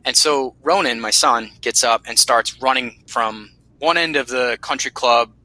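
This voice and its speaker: A man hosting a podcast, telling a story in a casual, animated way, swearing freely and laughing often. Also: medium pitch, a little slow, dry recording, low-quality recording. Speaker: podcast host.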